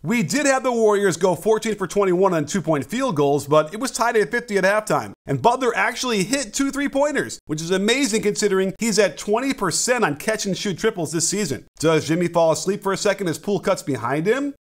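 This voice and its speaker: A man with a noticeably high, light voice narrates game footage like a basketball analyst. He talks through each play in a wry, joking way. He sounds middle-aged and at ease. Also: lively intonation, brisk. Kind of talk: video breakdown narration.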